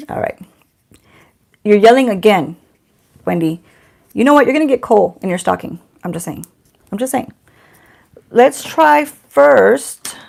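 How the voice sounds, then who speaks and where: Chatty woman with a gravelly edge. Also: medium pitch. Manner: chatty, self-teasing, talks to someone off camera. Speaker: beauty vlogger. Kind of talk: casual unboxing chat.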